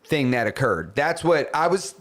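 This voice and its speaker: A man's voice: mid-range voice, moderate pace. A man co-hosting a podcast, telling a story in casual chat, swearing and acting out the other people's lines. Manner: animated, swearing, acts out dialogue. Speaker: podcast co-host.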